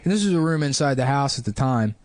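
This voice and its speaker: Young dude rambling through a gross story on a podcast, lots of likes and you knows, dry sound. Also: male voice, mid-range voice, animated, quick pace, a little mellow, no room sound. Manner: rambling, crude, filler-heavy. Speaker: podcast host. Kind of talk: casual storytelling.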